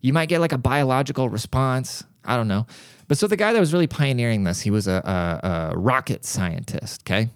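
A man's voice: medium pitch, fairly quick, dry recording, clean studio sound. A middle-aged man hosting a podcast, telling a rambling, profane story in a casual monologue. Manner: rambling, profane, animated asides. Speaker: podcast host.

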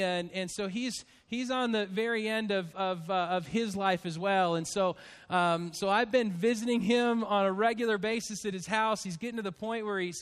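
A man in his fifties, a pastor addressing his church congregation in a heartfelt, halting way, choked up with emotion. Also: high-pitched, a bit bright, clean tone.

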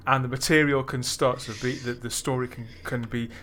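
A man interviewing guests, asking measured, knowledgeable questions. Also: mid-range voice, level tone, fairly bright tone.

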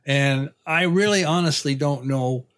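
A man's voice: fairly high pitch, a little slow, fairly bright tone. A man telling a long hunting anecdote in a folksy, rambling way, with frequent restarts. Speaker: guest storyteller. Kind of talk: casual anecdote.

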